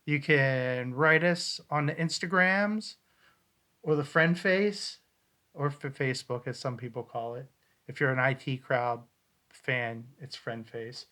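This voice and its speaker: A man's voice: mid-range voice, a little slow, sharp tone. A man co-hosting a casual podcast, playfully bantering while reviewing ghost-hunt recordings. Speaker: podcast co-host.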